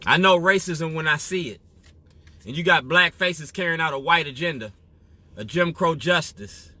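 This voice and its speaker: Guy from illinois ranting to camera, keeps saying you feel me, bright tense voice. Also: a little high, normal speed. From Waukegan area, Illinois, US. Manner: emphatic, repeats "you feel me". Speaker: activist. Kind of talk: direct-to-camera monologue.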